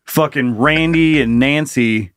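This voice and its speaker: A man's voice: mid-range voice, slow pace, a crowd in the background. A man co-hosting a comedy podcast, riffing jokes onto his partner's story with casual swearing. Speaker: podcast co-host.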